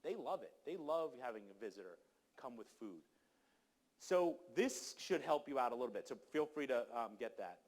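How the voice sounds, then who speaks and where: A man's voice: mid-range voice, animated, moderate pace, darkish tone. A man giving an emphatic, exhorting talk at a conference, speaking to the audience directly. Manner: emphatic, exhorting, acts out quoted people. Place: conference hall.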